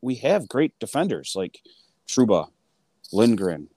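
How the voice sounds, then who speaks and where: A man co-hosting a casual hockey chat, excitable and full of fillers, acting out his own reactions. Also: on the low side, measured pace. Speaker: sports podcast co-host.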